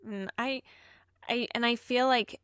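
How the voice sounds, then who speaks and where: A woman's voice: fairly high pitch, fairly even intonation, measured pace, a bit bright, clean tone, no room sound, clean studio sound. A woman co-hosting a casual podcast, an emergency vet tech telling her stories in an earnest, heartfelt way.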